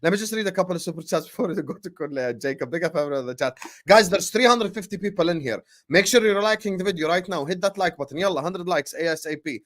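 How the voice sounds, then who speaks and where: A man's voice: high-pitched, lively intonation, quick pace. A man hosting a live-streamed football show, reading viewer messages aloud and hyping up the chat. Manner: upbeat, gives shout-outs to viewers and hypes the chat. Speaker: host.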